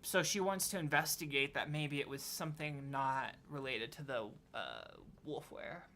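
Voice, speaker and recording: A woman's voice: rumbling low, lively intonation, moderate pace, a bit bright. A woman narrating as game master of a tabletop game, rambling and self-correcting as she goes.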